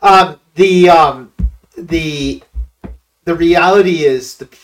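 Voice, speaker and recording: A man's voice: fairly high pitch, slow, far from the mic, faint music behind. A man appearing as a political consultant guest on a talk radio show, blunt and emphatic with hesitant starts.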